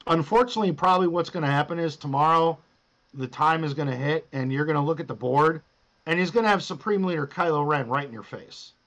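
A man's voice: fairly high pitch, fast, a bit bright, low-quality recording. A man hosting a podcast, casually coaching a guest through his game with loose, profane instructions. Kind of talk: casual chat.

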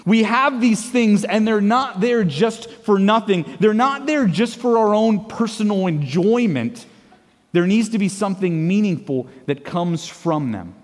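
A man's voice: high voice, animated, a little slow. A man in his thirties, a pastor preaching a sermon and leading the congregation in playful call-and-response. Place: church sanctuary. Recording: long hall reverb of a church.

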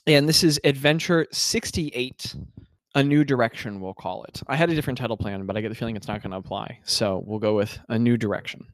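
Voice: mid-range voice, fairly quick, dry recording, studio quality. A game master hosting a casual tabletop game session, chatty and self-deprecating, laughing easily.

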